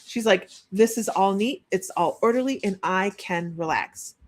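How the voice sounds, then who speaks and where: A woman's voice: medium pitch, unhurried. A woman working as a psychic medium, giving a chatty live-streamed reading and relaying messages with frequent restarts.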